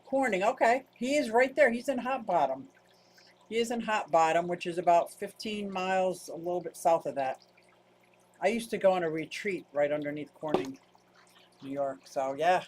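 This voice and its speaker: A woman's voice: fairly low pitch, darkish tone, slight background noise. A woman from upstate Pennsylvania hosting a casual livestream, chatting loosely and answering viewer comments in a rambling, self-interrupting way. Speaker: livestream host.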